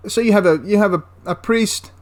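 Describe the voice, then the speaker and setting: A man's voice: high voice, a little fast. A man giving a casual, enthusiastic spoken review of a tabletop wargame, rambling into asides and restarting his sentences.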